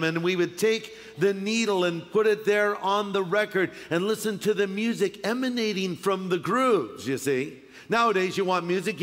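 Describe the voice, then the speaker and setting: A middle-aged male pastor delivers a sermon in a high, light voice, spinning humorous stories and slipping into quick impressions. His voice carries a long reverb from a large church hall. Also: fairly bright tone.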